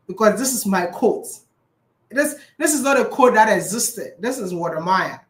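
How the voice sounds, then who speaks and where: A man's voice: high-pitched, expressive, normal speed, fairly bright tone. A man chatting casually as a vlogger, answering viewer questions, laughing often and repeating his phrases. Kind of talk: casual chat. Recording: roomy echo.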